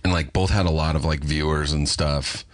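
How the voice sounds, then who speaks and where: Deep-voiced, swearing podcast host. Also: male voice, steady tone, moderate pace, dry recording. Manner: profane, enthusiastic storyteller. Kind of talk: casual chat.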